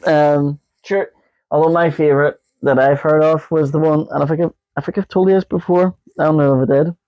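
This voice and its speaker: A man's voice: a little high, fairly even intonation, brisk, a little mellow. A man co-hosting a casual podcast, rambling and joking with lots of fillers. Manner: rambling, jokey, many fillers. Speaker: podcast co-host. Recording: dull lo-fi podcast audio.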